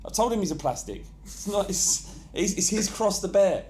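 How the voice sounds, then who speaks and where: A man's voice: sits high, expressive, moderate pace, a little mellow, a little hiss or hum. A man co-hosting a football podcast, talking bluntly and full of opinions in casual banter. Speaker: podcast co-host. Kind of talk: casual chat.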